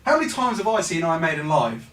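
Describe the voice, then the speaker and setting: A man's voice: fairly high pitch, big pitch swings, fast talker, a bit bright. A man hosting a playful quiz-style interview for the radio, teasing his guest and laughing along. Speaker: radio presenter. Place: backstage room at a concert venue. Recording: roomy, mic at a distance.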